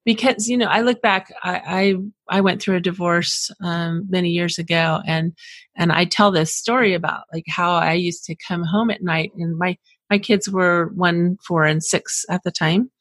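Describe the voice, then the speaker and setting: A woman's voice: on the low side, fairly even intonation, normal speed, fairly bright tone, no echo. A woman hosting an interview, affirming her guest and reflecting on her own past. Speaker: host. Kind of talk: interview conversation.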